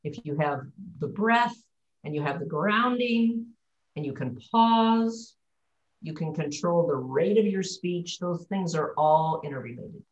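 A woman's voice: low voice, lively intonation, unhurried, reverberant, highs cut off. A woman working as a voice and pronunciation coach, explaining on a group call and modeling words aloud.

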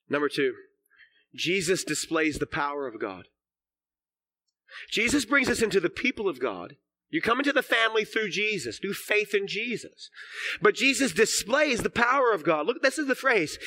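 Fervent, high, bright-voiced preacher man. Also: sing-song, moderate pace. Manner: builds to loud, fervent shouting; drops to soft, low emphasis on key phrases. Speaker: senior pastor. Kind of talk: sermon. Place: church sanctuary.

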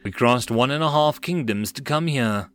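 A man's voice: mid-range voice, normal speed, no room sound, natural voice. A man voicing a practical, cheerful male barbarian leader who speaks matter-of-factly.

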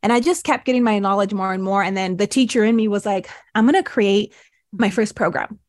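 A woman's voice: medium pitch, a little fast, no room sound, studio quality. A woman, a podcast guest and breathwork mentor, telling her life story in a casual interview and acting out her past thoughts as quotes.

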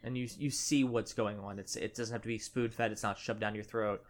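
A woman's voice: extremely low pitch, fairly even intonation, moderate pace. A woman co-hosting a casual podcast chat, animatedly retelling scenes and swearing casually. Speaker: podcast co-host.

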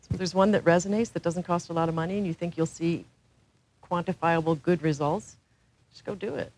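A woman's voice: lowish voice, fairly even intonation, brisk, a little mellow, low-quality recording. A woman speaking on a panel in a frank, joking way. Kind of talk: casual talk on a panel.

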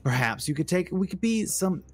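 A man's voice: high-pitched, expressive, a little fast, breathy edge. A man voicing a brash, pushy male mercenary sailor leader with a southern accent and cocky, wheedling talk. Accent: southern (put on).

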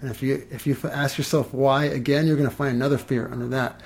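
A man, an energy healer, chatting casually and telling lively stories, swearing and laughing as he goes. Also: medium pitch, fast talker, vocal fry, slight background noise. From Los Angeles. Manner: animated, swears, laughs through his stories. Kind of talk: casual storytelling in conversation.

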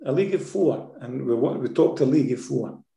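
A Scottish man, a former football manager, telling anecdotes in an interview, lively and often tagging his sentences with "eh?". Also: medium pitch, fairly quick, vocal fry, reverberant. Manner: lively storyteller, tags sentences with "eh?".

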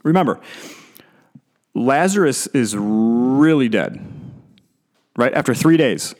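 Man preaching a casual, animated sermon. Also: medium pitch, takes it slowly. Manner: casual and animated, restarts and repeats words. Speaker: pastor. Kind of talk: conversational sermon.

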